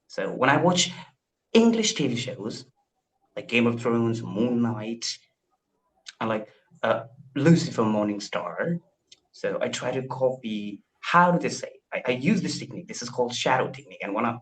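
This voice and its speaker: A man's voice: medium pitch, big pitch swings, rough recording. A man in his twenties from India, chatting eagerly and modestly on a video call about learning languages, often restarting his sentences. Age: 20s. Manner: eager, self-deprecating, halting with restarts. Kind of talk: casual video call conversation.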